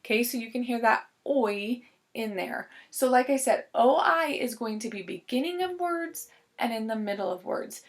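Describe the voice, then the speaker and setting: A woman teacher giving a recorded reading lesson to young students, sounding out words slowly and patiently. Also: medium pitch, vocal fry.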